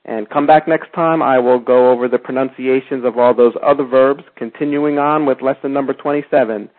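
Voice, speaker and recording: A man's voice: medium pitch, steady tone, fairly quick. A man teaching a beginner language lesson, patiently stressing each verb form as he goes. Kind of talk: slow step-by-step language lesson. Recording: tinny phone-like audio.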